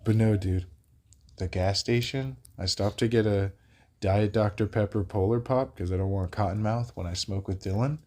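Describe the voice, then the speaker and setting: A young man with a fairly low voice, hosting a casual vlog. He tells a rambling story with a lot of energy, swears without a second thought, and jumps into the voices of the people in it. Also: normal speed. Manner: animated, laughs while telling, swears freely, acts out the people he quotes. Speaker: vlog host.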